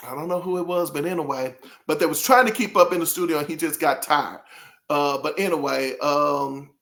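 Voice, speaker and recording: A man's voice: a little high, fairly quick, a bit bright. A man hosting a casual album review, rambling and interrupting himself, often breaking into laughter and apologizing as he talks straight to his viewers. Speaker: music reviewer host.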